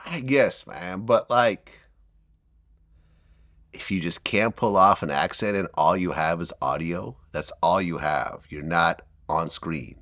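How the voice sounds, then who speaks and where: A man's voice: deep voice, slow, fairly bright tone, no echo, clean studio sound. A man from Russia hosting a casual interview, chatty and teasing, laughing often. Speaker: interviewer host.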